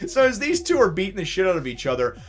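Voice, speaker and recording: A man casually reviewing a comic chapter, animated and rambling, often laughing as he retells it. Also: sits high, fast talker. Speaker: manga review channel host.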